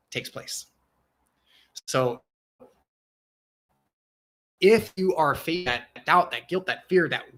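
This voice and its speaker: A man's voice: on the high side, a bit bright. A man coaching viewers on a livestream, earnest and emphatic, repeating phrases for effect. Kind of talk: livestream talk and guided breathing.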